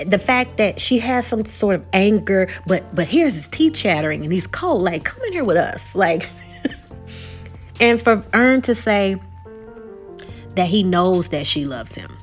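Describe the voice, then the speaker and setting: A woman's voice: mid-range voice, big pitch swings, unhurried, soft background music. Chatty woman reviewing a TV episode. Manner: conversational, repeats words and checks in with "okay?" and "right?". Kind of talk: casual recap and review monologue.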